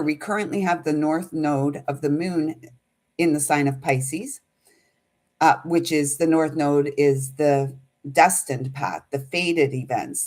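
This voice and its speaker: A woman giving a slow, rhyming spiritual message, emotional and close to tears, laughing at herself between lines. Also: low-pitched. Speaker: intuitive reader.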